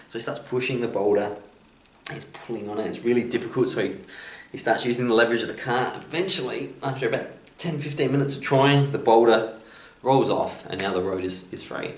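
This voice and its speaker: A man's voice: medium pitch, quick pace. A man telling motivational stories on his vlog, in a rambling, jokey way with many restarts. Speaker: motivational vlogger. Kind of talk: casual motivational storytelling. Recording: echoey room, distant mic, faint hiss.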